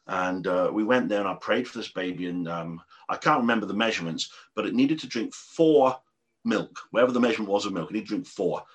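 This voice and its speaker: A middle-aged man preaching a sermon as a pastor, telling stories animatedly and dropping from loud to hushed. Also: fairly low pitch, quick pace.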